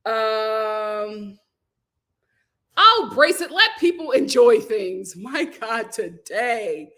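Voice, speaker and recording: A woman with a high, bright voice hosts a relaxed livestream, reading viewer comments aloud and laughing often as she talks back to them. She takes her time, unhurried and easygoing. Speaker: host reading live chat. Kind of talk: casual livestream chat.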